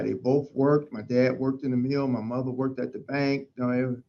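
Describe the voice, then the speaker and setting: A middle-aged man from Pennsylvania, a fire chief, telling stories in an interview in an emphatic, animated way. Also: mid-range voice, moderate pace, few pauses, lo-fi sound. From Pennsylvania, USA. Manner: emphatic, animated storytelling with acted-out quotes. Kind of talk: storytelling in an interview.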